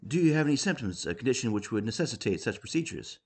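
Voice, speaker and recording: A man voicing a falsely cheerful male doctor who talks in a bright, sing-song way. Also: mid-range voice, very animated, quick pace, slightly rough. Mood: chirpy.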